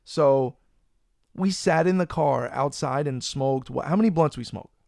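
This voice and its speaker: A man hosting a podcast, telling a long story in a loose, animated, profane way. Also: medium pitch, unhurried, creaky, no echo, studio quality. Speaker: podcast host. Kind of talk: casual storytelling chat. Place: Florida.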